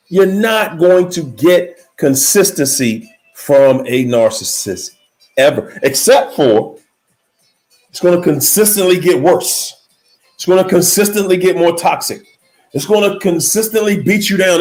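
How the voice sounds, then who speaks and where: High, animated male motivational speaker. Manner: emphatic, repetitive preaching cadence; slows down to stress key words. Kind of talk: motivational speech.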